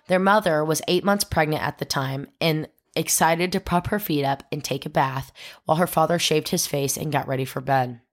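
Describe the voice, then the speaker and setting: A woman podcast host telling a true crime story, dramatic and acting out the quoted voices. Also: deep voice.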